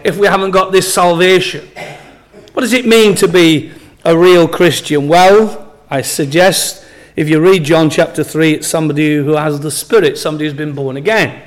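Emphatic preacher, high voice. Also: male voice. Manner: emphatic, repeats key phrases slowly. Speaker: pastor. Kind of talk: sermon.

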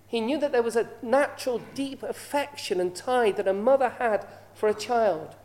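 Woman preacher, sermon delivery, rhetorical questions, warm, higher pitch. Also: moderate pace. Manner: asks the listeners rhetorical questions.

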